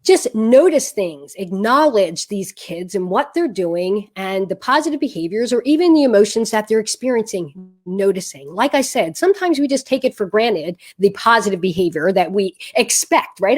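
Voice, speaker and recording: A woman's voice: a little high, big pitch swings, normal speed. A woman parenting coach giving earnest, conversational advice straight to camera, with frequent fillers and restarts. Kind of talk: direct-to-camera advice talk.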